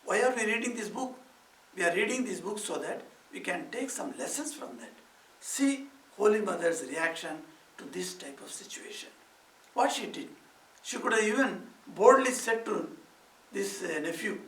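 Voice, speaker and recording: High-voiced monk in an echoey hall. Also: male voice, expressive, moderate pace, fairly bright tone. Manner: emphatic, with rhetorical questions. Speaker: monk giving a spiritual talk. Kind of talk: scriptural reading and reflection talk. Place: society hall. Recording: echoey room, mic at a distance.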